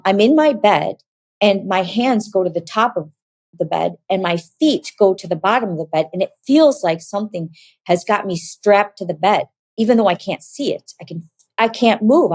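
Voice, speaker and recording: A woman recounts her faith testimony in a storytelling manner, slipping into the voices of the people she quotes. She is emotional and near tears at moments. Her voice sits at a middling pitch, and the recording is close and dry with no room sound. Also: darkish tone, no echo. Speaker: former model giving a faith testimony.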